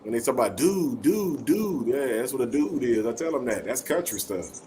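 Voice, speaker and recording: A man's voice: medium pitch, expressive, brisk, darkish tone, slight background noise. A man with a Southern US accent hosting a casual late-night talk show, laughing and telling stories full of folksy sayings. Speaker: host.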